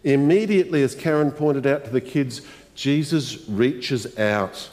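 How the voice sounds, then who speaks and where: A male pastor gives a sermon in a slow, unhurried way, with long pauses between phrases. His voice sits at an ordinary pitch. He keeps asking the congregation reflective questions, and his words ring out with a long church-hall reverb. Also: darkish tone.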